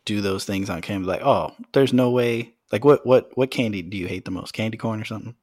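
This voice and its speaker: A man's voice: lowish voice, fast talker, darkish tone, slightly rough, no room sound, clean studio sound. A man co-hosting a podcast, joking and teasing in casual chat. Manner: teasing, playful. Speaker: podcast co-host.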